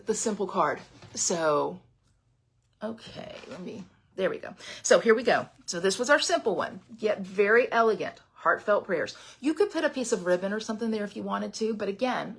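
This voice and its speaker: Chatty, gravelly woman teaching card-making. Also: medium pitch. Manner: chatty and rambling, drops to a whisper when excited. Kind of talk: live online crafting class. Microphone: webcam at a craft desk.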